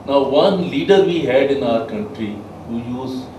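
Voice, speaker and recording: A man giving a soft skills lecture to a class, emphatic and quizzing his listeners. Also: mid-range voice, expressive, a little slow, a little hiss or hum. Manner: emphatic, asks the class questions. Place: training room with a class. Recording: echoey room, mic far off.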